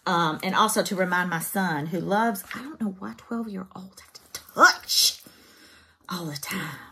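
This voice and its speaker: A woman's voice: medium pitch, a little slow, pushed and bright, a little hiss or hum. A woman, chatting casually to camera as a craft vlogger in her home craft room, folksy and emotional.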